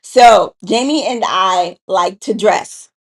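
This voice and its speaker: A woman with a slightly gravelly, fry-touched voice, chatting casually on a livestream with her partner. She teases him playfully and laughs easily, at a middling pitch. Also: takes it slowly. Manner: teasing, playful, laughs often. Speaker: co-host. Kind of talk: casual couple chat on a livestream.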